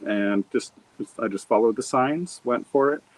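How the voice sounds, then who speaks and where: A man's voice: mid-range voice, measured pace, poor audio. A middle-aged man from Montana, an author being interviewed, telling his story in a rambling, reflective way with many fillers and restarts. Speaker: author and guest. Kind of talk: conversational interview.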